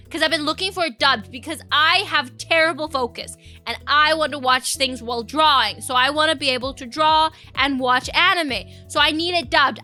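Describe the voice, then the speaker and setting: Bright high-voiced chatty woman streamer. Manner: chatty, rambling, reacts to chat with squeals and laughs. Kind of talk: casual live-stream chat.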